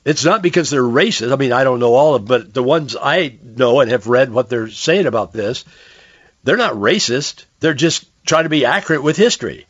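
Hoarse male radio host, earnest conversational monologue, dry and muffled recording. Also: mid-range voice, animated, normal speed, no echo. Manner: conversational, earnest, with frequent restarts. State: hoarse, losing his voice. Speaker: radio talk show host. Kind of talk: political and religious commentary monologue.

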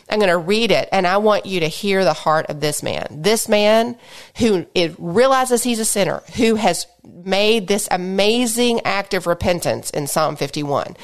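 A middle-aged woman with a congested voice leads a podcast Bible teaching. She talks in an earnest, exhorting manner, asking the listener direct questions. Her voice sits at an ordinary middle pitch.

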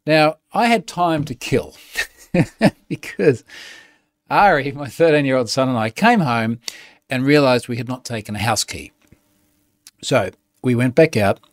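A man's voice: mid-range voice, expressive, unhurried, pauses often, no room sound, studio quality. A man, hosting a weekly show in a chatty, amused way and laughing often. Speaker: podcast host. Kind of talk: casual solo show talk.

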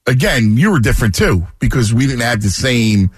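A male radio host on a sports talk show, effusive and excitable, with a studio mic. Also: normal speed, husky, no room sound. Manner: effusive, excitable, jumps in pitch.

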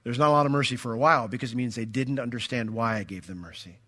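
A man preaching a sermon as pastor, emphatic and animated, acting out quoted voices. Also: mid-range voice, racing.

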